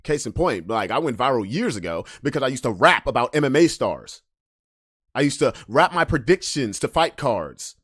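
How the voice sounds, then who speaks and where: A man hosting a podcast, ranting casually, swinging from loud emphasis to low mutters. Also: very animated, normal speed, slightly rough, no echo, clean studio sound. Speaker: podcast host. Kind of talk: casual monologue rant.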